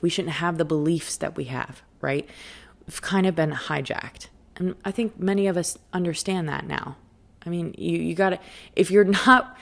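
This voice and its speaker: Low, gravelly woman hosting a podcast. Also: darkish tone. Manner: frank, conversational, often asks "right?". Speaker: podcast host and life coach. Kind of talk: casual spiritual podcast monologue.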